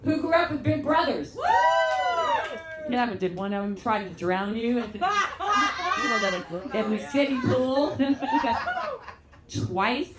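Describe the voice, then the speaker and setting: A middle-aged woman from Louisiana with a Southern accent works a theatre crowd in a stand-up set. Her voice sits high and swings widely as she acts out quotes. The slow, brash delivery carries through a roomy hall with clear crowd noise behind. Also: sing-song. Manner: brash, bawdy storytelling, big acted-out quotes. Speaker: stand-up comedian. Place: theatre stage with live audience.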